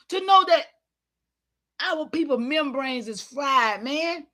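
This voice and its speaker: A woman giving an impassioned, preachy livestream talk, calling out to her listeners and sometimes shouting in frustration. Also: high voice, expressive, takes it slowly, pauses often. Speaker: online community leader.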